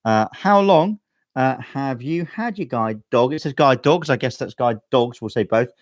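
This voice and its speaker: A playful man from the United Kingdom reads viewer comments on a livestream, joking and teasing his co-host. His voice sounds dry and close, with little room sound, at a middle pitch. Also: expressive, a little slow, no room sound. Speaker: co-host reading viewer questions. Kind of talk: casual livestream chat.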